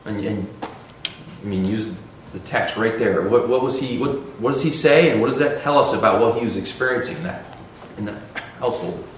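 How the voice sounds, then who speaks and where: A man's voice: on the low side, fairly quick. A man leading a Sunday school discussion in a conversational, emphatic way with frequent restarts. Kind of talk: discussion-led Bible class. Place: church classroom. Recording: echoey room, faint background noise.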